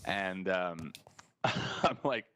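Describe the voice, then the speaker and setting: Guy with a lowish voice telling a story on a podcast, laughing a lot, doing little voices for people. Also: extremely slow, a little hiss or hum. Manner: laughs often while telling stories; animated, mimics people he quotes. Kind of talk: casual chat.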